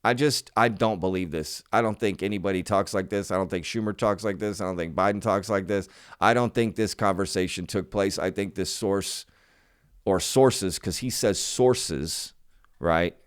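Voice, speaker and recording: Smooth-voiced skeptical male commentary host. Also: deep voice, normal speed. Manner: emphatic, skeptical, repeats himself, addresses viewers as y'all. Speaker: channel host. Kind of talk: casual commentary to viewers.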